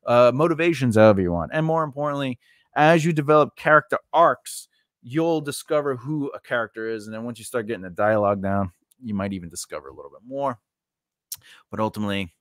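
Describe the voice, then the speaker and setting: A man's voice: medium pitch, no room sound, studio quality. A man hosting a screenwriting channel, talking casually through his writing steps with asides and filler words. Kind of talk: casual teaching monologue.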